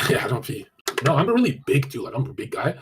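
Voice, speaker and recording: Fast-talking, crude male streamer. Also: medium pitch, slight background noise. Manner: crude, blunt and animated, swears a lot; rapid, run-on delivery with many fillers. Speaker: dating coach streamer. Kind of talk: casual live-stream advice, answering chat.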